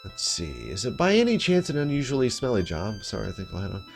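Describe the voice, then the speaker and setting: A man's voice: lowish voice, wildly swooping pitch, fast, creaky, faint music behind. A man casually commenting on a game and reading its text aloud, profane and self-mocking. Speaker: let's play host.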